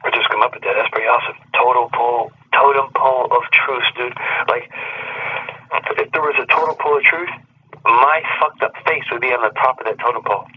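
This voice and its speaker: A man's voice: medium pitch, fairly even intonation, a little fast, husky. A man telling a story in casual chat, rambling and profane, full of street slang. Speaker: podcast talker. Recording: dull lo-fi sound with faint hum.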